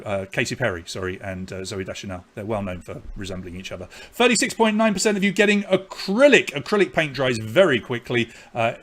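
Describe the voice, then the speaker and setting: A man with an English accent hosting a live online pub quiz, reading questions and scores with chatty, jokey asides. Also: a little high. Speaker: quiz host.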